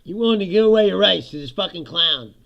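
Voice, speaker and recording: A man's voice: high-pitched, animated, fast, gravelly, lo-fi sound. A middle-aged man hosting a livestream, giving sarcastic political commentary with frequent laughter and swearing. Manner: sarcastic, laughs often, swears, mimics others. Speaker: livestream host.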